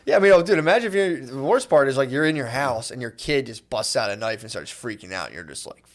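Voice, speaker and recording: A man talks fast and loose on a podcast, rambling through his thoughts. He keeps dropping into quick put-on voices to act out what people say. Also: mid-range voice, lively intonation. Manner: rambling, acts out quotes in sudden voices. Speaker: podcast co-host. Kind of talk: casual podcast banter.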